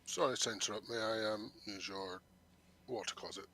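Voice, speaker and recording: A man's voice: fairly low pitch, fairly even intonation, normal speed, bright, forceful tone, slight background noise. A man playing a tabletop game, talking in an offhand, wry way. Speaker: player. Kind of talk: casual tabletop play.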